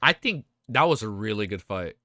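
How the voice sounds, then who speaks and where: A man live-streaming his reactions, excitable and hyped, with casual slang and swearing. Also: on the low side, normal speed, no echo, studio quality. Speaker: streamer reacting to a web novel.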